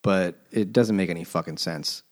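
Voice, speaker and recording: A man's voice: low-pitched, moderate pace. A man co-hosting a podcast, casually and sarcastically recapping a book's plot with plenty of swearing. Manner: sarcastic, profane, mocking the plot. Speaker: podcast co-host. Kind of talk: casual chat, recapping a book.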